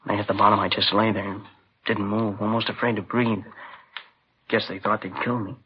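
An actor in 1950s radio drama playing a shaken middle-aged witness, recounting in a halting, subdued way. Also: male voice, on the low side, little pitch movement, slight background noise, lightly acted. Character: shaken adult male witness recounting a shooting. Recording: muffled 1950s radio broadcast.

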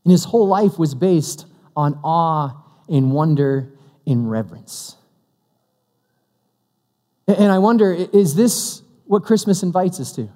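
A man's voice: high voice, normal speed, mellow. A man preaching a Christmas sermon, conversational and humorous, acting out the dialogue of the story he tells. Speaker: pastor. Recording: long hall reverb.

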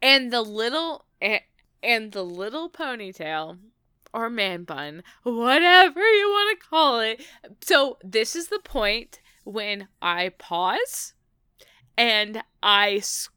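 Gushing, excitable woman recapping a show. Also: fairly high pitch, slow, clean tone, no room sound, studio quality. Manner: excitable, swears, laughs often. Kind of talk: casual chat recapping a TV episode.

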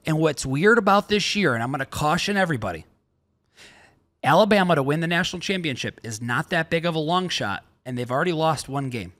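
Excitable high-voiced man talking bets. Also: a little fast. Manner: loud, excitable, joking, shifts into shouting. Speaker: sports betting podcast co-host. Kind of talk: casual sports betting chat.

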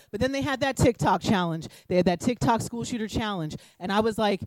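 A woman's voice: mid-range voice, lively intonation, fairly quick, few pauses, a little mellow, no room sound, rough recording. A young adult woman doing a stand-up comedy set in front of a live audience, talking in a brash, profane, rambling and conversational way.

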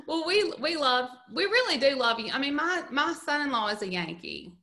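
Co-hosting a podcast, a middle-aged Southern US woman chats casually at a normal speed, sharing stories and laughing a lot. Her voice sits high, with a sing-song lilt and a sharp tone.

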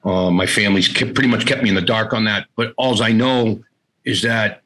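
A middle-aged man as an interview guest, candidly telling a personal story in a halting way, often repeating words and quoting family members. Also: fairly low pitch, steady tone, pushed and bright, rough recording.

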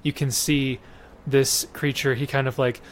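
Man as game master, steady rules-explaining delivery, mid pitch. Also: a little slow, a little hiss or hum. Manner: matter-of-fact, explains rules. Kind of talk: narrating a tabletop game.

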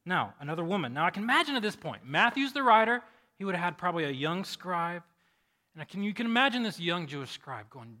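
A man's voice: sits high, big pitch swings, fast, sharp tone. A man pastor giving a conversational sermon, telling stories animatedly with frequent restarts.

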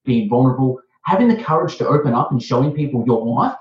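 A man's voice: animated, fast, a little hiss or hum. Enthusiastic Australian man, echoey muffled sound. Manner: enthusiastic, rambling, jumps up in pitch for emphasis. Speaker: host. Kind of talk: casual interview chat.

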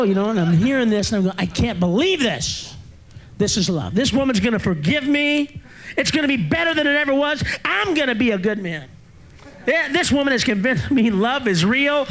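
A male stand-up comedian telling a profane story, breaking into shouted rants. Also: high voice, very animated, moderate pace, noisy background. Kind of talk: stand-up routine. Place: comedy club stage. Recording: live club recording with audience laughter.

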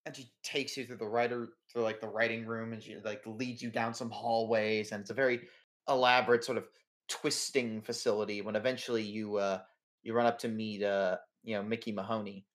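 A man's voice: lowish voice, level tone, fairly quick. A man running a tabletop game as game master, describing scenes in a rambling way full of fillers.

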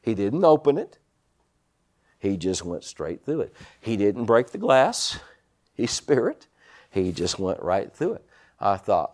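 A high-pitched male preacher speaks at a normal pace, recounting personal anecdotes with animation and frequently exclaiming amen and hallelujah.

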